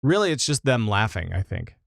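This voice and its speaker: A man hosting a casual gaming news podcast, upbeat and quick with short acknowledgments. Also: fairly low pitch, very animated, creaky, dry recording, studio quality. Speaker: podcast host.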